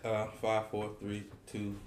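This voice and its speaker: A man from South Georgia hosts a loose chat with friends, his voice low-set and a bit stuffy from a cold. He talks in a relaxed, slangy, joking way. The room rings with echo, and a steady noise sits behind him. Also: slow pace. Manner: laid-back, slangy, joking. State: has a cold. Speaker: podcast host. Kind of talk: casual chat among friends. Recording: roomy room with background noise.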